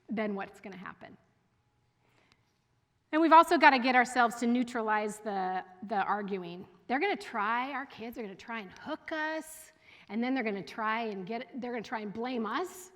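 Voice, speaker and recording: A chatty woman with a slightly high voice leads a parenting workshop for a room of parents, laughing easily and checking in with her audience. Her voice rings out with a long hall reverb, as if heard at a school evening event. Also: normal speed. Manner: chatty and animated, often laughing and asking the audience. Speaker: school division head giving a parenting talk. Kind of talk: casual workshop talk to parents.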